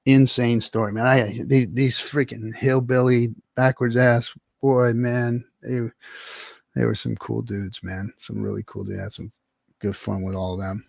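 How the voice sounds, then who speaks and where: A middle-aged man from California hosts a livestream and tells an animated, swear-filled anecdote. His voice is gravelly and sits at an ordinary pitch. The sound is dry and close. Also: no room sound. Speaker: livestream host. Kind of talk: casual storytelling on a livestream.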